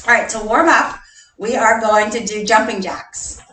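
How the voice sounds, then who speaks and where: A woman's voice: a little high, normal speed, bright, forceful tone, far from the mic. A woman leading a live online gymnastics workout as coach, counting reps cheerfully and chuckling between exercises. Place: large gym. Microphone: camera a distance away. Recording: echoey gym, voice off-mic.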